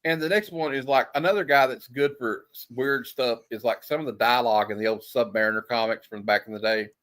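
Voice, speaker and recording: A man's voice: medium pitch, brisk, fairly bright tone. A man hosting a casual comic chat, joking and laughing as he reads old comic panels aloud. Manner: jokey, laughs often, reads panels in put-on voices. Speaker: comic show host.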